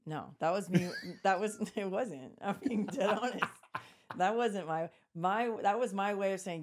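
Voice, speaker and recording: A woman hosting a podcast, telling a work story in a blunt, profane, animated way. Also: on the low side, normal speed. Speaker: podcast host. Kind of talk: casual storytelling chat.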